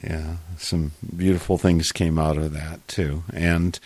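A man hosting a radio show, relaxed as he reads out track details and asks the guest questions. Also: a bass voice, takes it slowly. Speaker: radio host. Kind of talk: casual radio interview.

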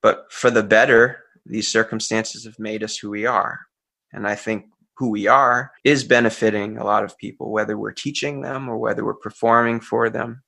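Brief: man, middle-aged folk singer guest, bright and gravelly, open and reflective. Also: on the low side, fairly even intonation, normal speed. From Central Massachusetts. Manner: earnest, open, laughs easily, thinks aloud. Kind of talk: relaxed reflective interview talk.

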